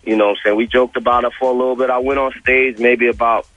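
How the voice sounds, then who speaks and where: A man tells a story as a radio guest, acting out the voices of both sides as he goes. His voice sits at a middle pitch, and the audio is dull and slightly muffled. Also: quick pace. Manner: animated retelling, acting out both sides of the exchange.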